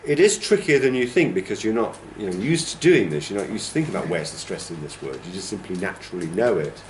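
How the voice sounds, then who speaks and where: This man has a low, animated voice and speaks fast, with a little hiss or hum. As a TESOL course trainer giving a classroom lecture, he explains things patiently and draws words out to demonstrate their stress, his voice echoing around the roomy room.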